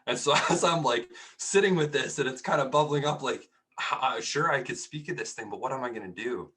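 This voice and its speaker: A man's voice: medium pitch, a little fast, fairly bright tone. A young man giving a casual, chatty talk, telling a personal story with many restarts. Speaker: speaker.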